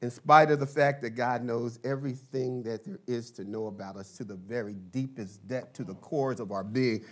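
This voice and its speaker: A man in his fifties preaching a sermon, building to emphatic shouted bursts and dropping into playful asides. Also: medium pitch, steady tone, normal speed. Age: 50s. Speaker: pastor.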